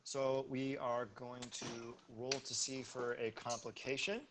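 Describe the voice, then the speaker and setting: A man's voice: medium pitch, background noise. Man running a tabletop game. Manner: relaxed, explains rules quickly with fillers. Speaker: game master.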